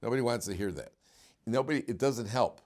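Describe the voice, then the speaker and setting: A man's voice: mid-range voice, a little fast, darkish tone. A man, a rabbi giving an informal Torah class, talking animatedly many restarts and questions to his students.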